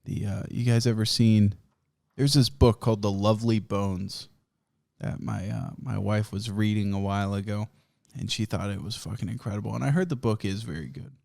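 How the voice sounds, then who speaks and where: A man's voice: lowish voice, normal speed, creaky, a little mellow. A man hosting a podcast, telling rambling, profane comic stories and laughing often. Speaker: podcast host. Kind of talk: casual comedic storytelling.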